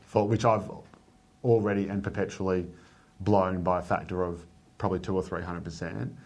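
A man's voice: low-pitched, little pitch movement, moderate pace, a little mellow. A man, a newspaper editor talking bluntly and sardonically in an interview, swearing freely. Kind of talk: candid interview talk.

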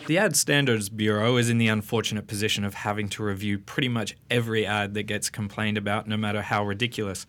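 A man hosting a podcast, reading news items briskly and dryly. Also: fairly low pitch, fairly even intonation, fairly bright tone, a little hiss or hum. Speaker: podcast host.

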